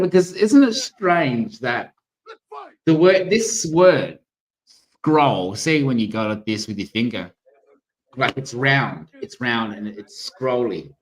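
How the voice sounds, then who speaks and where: A rambling Australian man thinking out loud on a casual livestream. His pitch sits in the middle, and he drifts from topic to topic while reading out names from the chat. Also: low-quality recording. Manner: rambling, musing aloud, reads chat names. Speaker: livestream co-host.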